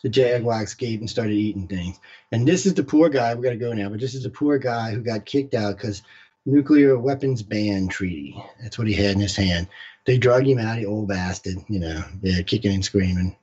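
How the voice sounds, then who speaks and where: A man's voice: lowish voice, normal speed, a little mellow, highs cut off. A man co-hosting a casual talk stream, blunt and rambling, often laughing at his own remarks. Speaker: co-host. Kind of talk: casual chat.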